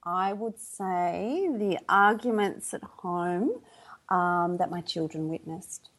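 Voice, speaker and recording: A woman's voice: on the low side, slow pace, fairly bright tone. A woman from Australia with an Australian accent, a podcast guest speaking reflectively and laughing often. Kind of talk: casual podcast interview.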